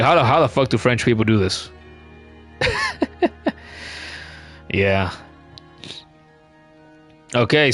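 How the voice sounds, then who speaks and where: While streaming a game, a man with a medium-pitched voice keeps up casual, chatty commentary. He curses occasionally and reads comments from chat out loud.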